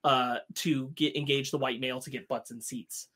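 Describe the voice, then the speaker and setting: A man co-hosting a podcast, talking in a measured, earnest way. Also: medium pitch, fairly even intonation, pushed and bright, slightly rough. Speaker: podcast co-host. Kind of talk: casual chat on a live-streamed podcast.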